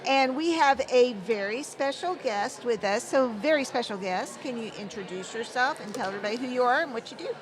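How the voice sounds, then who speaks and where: A woman's voice: fairly high pitch, lively intonation, a little fast, hardly any pauses, noisy background. A woman co-hosting a live podcast interview, upbeat and giggly. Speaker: podcast co-host. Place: conference floor. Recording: clear background ambience. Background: conference crowd ambience.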